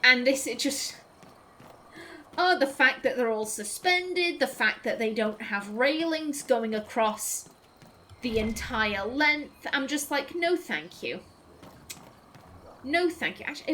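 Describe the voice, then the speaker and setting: A woman's voice: high-pitched, animated, a little slow, sharp tone, a little hiss or hum. A woman giving casual, chatty gameplay commentary as a let's play host, politely apologizing to game characters.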